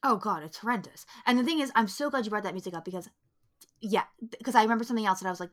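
A woman's voice: mid-range voice, fast, pushed and bright. A young woman co-hosting a podcast, ranting in heated, profane bursts and acting out quoted lines. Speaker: podcast co-host. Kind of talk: casual podcast chat.

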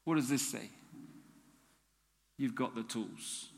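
Animated preacher man in a reverberant hall. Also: mid-range voice, takes it slowly, creaky. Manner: animated, acts out dialogue with God. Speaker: pastor. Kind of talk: sermon.

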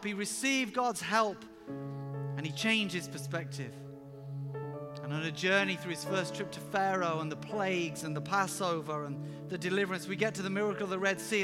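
A man preaching a sermon with personal stories, emphatic and animated, sometimes rising to loud exclamations. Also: high voice. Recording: reverberant hall with music underneath.

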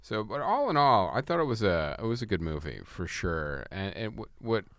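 A man co-hosting a podcast, chatting casually about films with easygoing, quick asides. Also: lowish voice, big pitch swings, fairly bright tone, no echo. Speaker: podcast co-host. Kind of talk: casual film chat.

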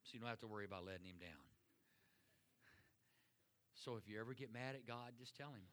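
Earnest middle-aged man preaching. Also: fairly low pitch. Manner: earnest, conversational preaching that drops to soft, slow closing words and prayer. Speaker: pastor. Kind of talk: sermon.

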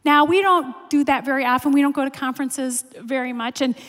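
Woman, 40s, sermon speaker; high-pitched, chatty, self-mocking; long church-hall reverb. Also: fairly quick, fairly bright tone. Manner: chatty, self-deprecating storytelling with many fillers. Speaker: pastor's wife preaching.

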